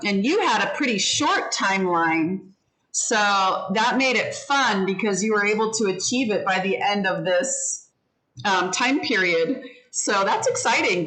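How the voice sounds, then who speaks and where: A woman teaches an online English class, patiently giving encouraging feedback and explaining how word stress changes. Her mid-range voice is bright and forceful, and the audio quality is poor.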